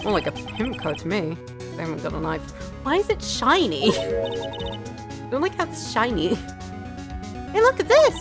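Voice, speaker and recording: A woman's voice: medium pitch, very animated, moderate pace. Playful woman streamer over game music. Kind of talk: reading a game aloud on stream.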